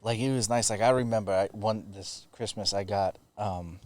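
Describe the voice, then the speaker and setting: Man, lowish voice, casual podcast host, rambling storyteller, swears freely. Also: moderate pace, a little mellow. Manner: rambling storyteller, swears, laughs at own stories. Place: studio in Los Angeles.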